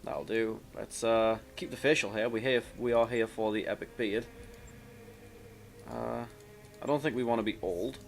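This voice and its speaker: A man's voice: medium pitch, steady tone, moderate pace, gravelly, faint music behind. A man casually commenting while playing a video game, reading its story text aloud in a rambling, self-mocking way with many restarts. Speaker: let's play commentator.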